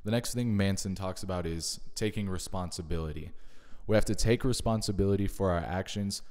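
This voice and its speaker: A man with a deep, darkish voice speaks in a large hall, casually summarizing books he has listened to. He's a video creator whose delivery is thoughtful and measured, and he drops in personal asides along the way.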